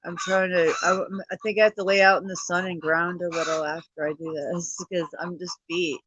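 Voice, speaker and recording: A woman's voice: lowish voice, fairly even intonation, normal speed, a bit bright, slightly rough, dry recording, lo-fi sound. A woman hosting a casual livestream chat. She sounds tired, swears often and laughs easily. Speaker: livestream host.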